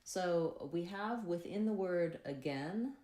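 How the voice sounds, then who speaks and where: A woman with an American accent teaching pronunciation in an instructional video, slowly and carefully modeling vowel sounds. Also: fairly low pitch, lively intonation, warm tone. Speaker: accent coach. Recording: roomy echoey recording.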